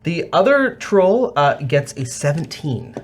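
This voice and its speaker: A man narrating a tabletop role-playing game as game master, animated and often laughing. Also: a little high, unhurried, background noise.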